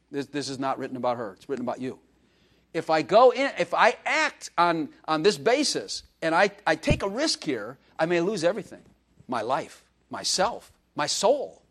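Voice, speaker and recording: A man preaching a sermon to a congregation in a church. He swings between loud emphasis and hushed asides, acts out quoted prayers and slips in humor. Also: on the high side. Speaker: pastor.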